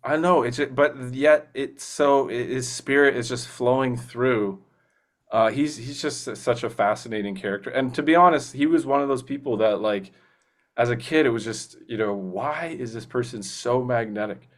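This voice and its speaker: A male voice actor, a guest in a casual interview, chatting eagerly and rambling with many fillers and restarts. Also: mid-range voice. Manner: slips into quick movie-character impressions.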